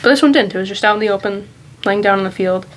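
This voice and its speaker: A woman vlogging in a loose, rambling way, thinking aloud and speaking candidly at an ordinary, middle pitch. A faint hiss of background noise sits beneath her voice. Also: fast talker, low-quality recording. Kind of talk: casual reflective monologue.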